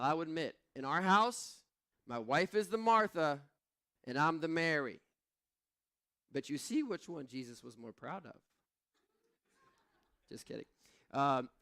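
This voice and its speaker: A man preaching a sermon at a church service, telling stories with animated, self-mocking humor. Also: fairly high pitch. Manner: animated, self-deprecating storytelling. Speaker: pastor.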